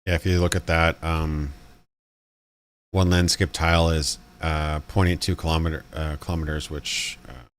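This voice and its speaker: A man's voice: a bass voice, little pitch movement, normal speed. A man hosting a casual live commentary stream, rambling with fillers and restarts. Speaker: channel host.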